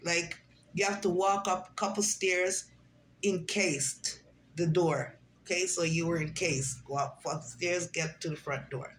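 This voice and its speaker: A woman's voice: fairly low pitch, unhurried, slight background noise, rough recording. A woman in her forties telling a personal story in a casual monologue, acting out what other people said. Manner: animated, acts out quoted voices. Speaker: vlogger.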